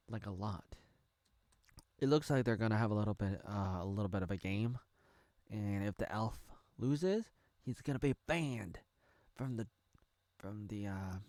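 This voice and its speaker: A man's voice: fairly low pitch, a little mellow, no room sound, clean studio sound. A man in his thirties from the United States giving a rambling, jokey reaction commentary while watching a show. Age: 30s. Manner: rambling, jokey, thinking aloud. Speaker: reaction video creator.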